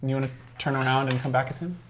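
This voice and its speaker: A podcast co-host in casual banter, dropping quick wisecracks and agreeable asides. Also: mid-range voice, fairly even intonation. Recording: noisy background.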